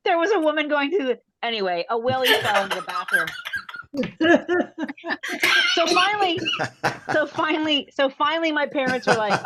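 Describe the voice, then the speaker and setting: A woman's voice: high-pitched, sing-song, moderate pace, pauses often, heavy background noise. A woman comedian telling a rambling story over a video call, breaking off mid-sentence and laughing at her own jokes. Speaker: stand-up comedian.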